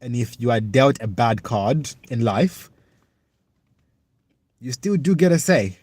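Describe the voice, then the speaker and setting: A young livestreamer from the United Kingdom reads and answers comments in real time, earnest, reflective and halting. His mid-range voice is darkish and slightly rough with lively intonation, on a dry recording.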